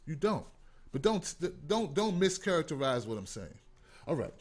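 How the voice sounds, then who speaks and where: A man's voice: a little high, very animated, moderate pace. A man hosting a call-in talk show, ranting with passion and profanity. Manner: impassioned, profane, emphatic. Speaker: host. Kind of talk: heated call-in show rant.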